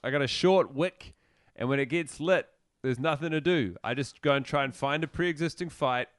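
A man's voice: fairly high pitch, moderate pace, dry recording, clean studio sound. A man in casual podcast chat, wry and profane as he riffs on travel and everyday life.

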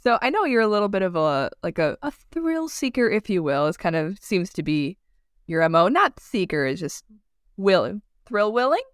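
A woman's voice: fairly low pitch, expressive, normal speed, clean tone, no room sound, studio quality. A woman with a Midwestern accent co-hosting an aviation podcast, asking questions in a playful, joking way. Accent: Midwestern American. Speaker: podcast co-host. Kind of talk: casual interview.

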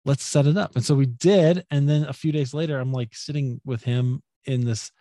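A man's voice: normal speed, no room sound, studio quality. A man being interviewed as a podcaster, telling stories casually and animatedly, acting out what people said. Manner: animated, acts out quoted speech with jumps in pitch. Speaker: podcaster and guest.

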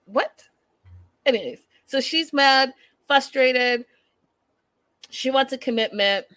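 A woman's voice: sits high, slow, fairly bright tone, dry recording. A young woman recapping a reality show in a chatty, incredulous way, talking straight to her viewers. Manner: chatty, incredulous, addresses viewers as "you guys". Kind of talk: casual recap commentary.

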